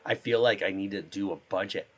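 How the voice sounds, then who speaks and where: A hoarse man, sick, chatting casually and rambling as he streams himself playing a drone simulator. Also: low-pitched, a little fast, muffled recording. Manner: rambling, trails off.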